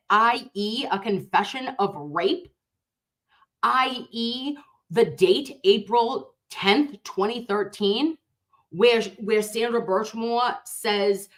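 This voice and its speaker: A woman's voice: a little high, slow pace. A woman nurse hosting a casual livestream, reacting to viewer comments in a blunt, fiery and profane way, openly passionate and outraged.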